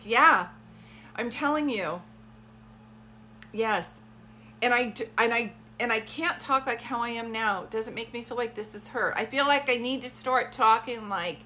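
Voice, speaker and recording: A woman's voice: fairly high pitch, pushed and bright, slight background noise. A woman giving a psychic reading on a live stream from a phone, talking in chatty, rambling asides. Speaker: psychic medium.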